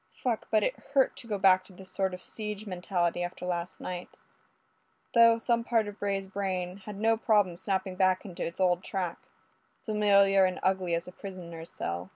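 Woman with a measured narrating voice. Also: medium pitch, a little mellow, dry recording. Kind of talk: audiobook reading of adult fiction.

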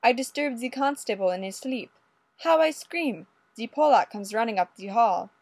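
A woman's voice: on the high side, lively intonation, normal speed, darkish tone, husky, dry recording. A woman voicing a flamboyant Russian ballerina who speaks broken English with theatrical flair.

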